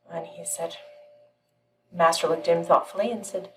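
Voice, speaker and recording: A woman giving a channeled spiritual teaching, telling a parable in a calm, measured way with frequent pauses. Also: on the low side, far from the mic, a little hiss or hum, rough recording.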